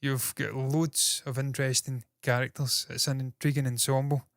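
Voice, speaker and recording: Fast-talking Scottish man, slightly nasal. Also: medium pitch, flat delivery, a bit bright, no room sound, studio quality. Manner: fast-talking, swears freely, self-mocking. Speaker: entertainment news host. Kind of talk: casual solo commentary. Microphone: processed with equalizers, compression and noise gate.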